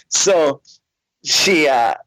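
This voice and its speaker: Male comedian-host, rambling and self-mocking storyteller, slightly high pitch, laughs between lines. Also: sharp tone, no echo, rough recording. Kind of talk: casual storytelling.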